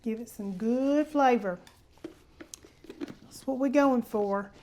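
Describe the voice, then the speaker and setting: A woman walks viewers through a recipe in a homey, chatty way, calling them honey. Her voice sits a little high. Food sizzles faintly in the pan behind her in a home kitchen. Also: takes it slowly, a little mellow, a little hiss or hum. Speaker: cooking show host. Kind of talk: casual cooking demonstration.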